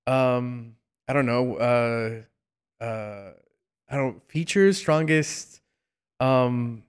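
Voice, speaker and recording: A man hosts a relaxed interview with a smooth, resonant voice. He often restarts sentences and hunts for words, and gently teases his guest. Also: mid-range voice. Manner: warm, halting, many restarts and fillers, playful teasing. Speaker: podcast host. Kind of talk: casual interview chat.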